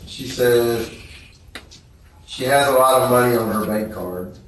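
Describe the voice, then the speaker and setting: A man testifying at a trial, reading text messages aloud in a slow, subdued, flat way. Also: mid-range voice, a little hiss or hum. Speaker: trial witness. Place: courtroom. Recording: echoey courtroom from far off.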